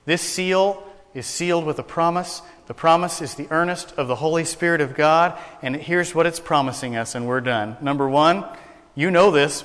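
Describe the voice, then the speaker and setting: A man's voice: a little high, fairly bright tone, in a large hall. A man preaching a sermon to a congregation, folksy and joking, telling jokes as he goes. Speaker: pastor. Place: church sanctuary.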